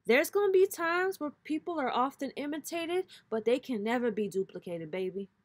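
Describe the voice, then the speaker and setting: A woman's voice: sits high, lively intonation, normal speed, no echo. A woman giving a casual spiritual pep talk to her viewers, blunt and profane, with a preacher-like cadence. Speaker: spiritual reader and host.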